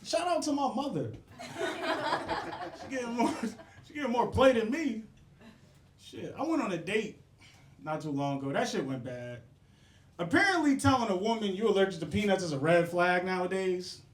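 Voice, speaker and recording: A man's voice: high voice, lively intonation, moderate pace, long pauses. A young man doing a profane stand-up set, riffing with the crowd and laughing at his own jokes. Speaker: stand-up comedian. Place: comedy club stage. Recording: roomy club sound.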